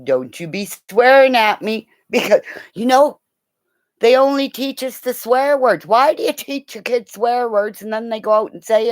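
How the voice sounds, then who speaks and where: A woman rambles through a personal story, her pitch swinging widely as she goes. She laughs often and breaks into loud acted quotes. The sound is dry and close. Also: moderate pace, no room sound. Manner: rambling, animated, bursts into loud shouted quotes. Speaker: vlogger telling a story.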